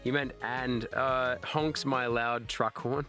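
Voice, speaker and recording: A man's voice: mid-range voice, steady tone, slow, pushed and bright, faint music behind. An Australian man, a live streamer, chatting casually with his viewers and reading chat aloud, laughing and swearing freely.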